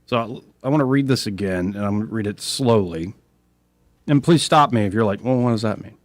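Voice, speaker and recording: A man with a Southern accent and a low voice hosts a talk radio show. He talks in a relaxed, conversational way and reads scripture slowly and deliberately. The studio sound is dry. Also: no room sound.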